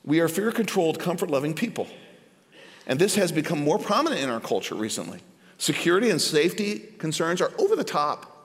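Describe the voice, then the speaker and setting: A man preaching a sermon as pastor, animated, often stuttering and repeating words as he starts sentences. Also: fairly quick, in a large hall. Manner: animated, voice jumps high for emphasis.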